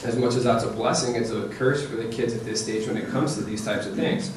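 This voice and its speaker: Man, conversational presenter, joking, average pitch, echoey room, heard from a distance. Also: fairly quick, a little hiss or hum. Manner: lively, joking, checks in with okay and right. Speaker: presenter to parents. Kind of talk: conversational parenting talk.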